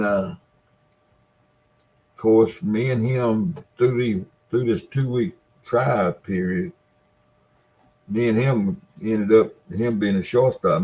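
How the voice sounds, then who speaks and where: A man's voice: on the low side, warm tone, rough recording. A man telling rambling stories from experience in casual chat. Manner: slow, rambling storytelling.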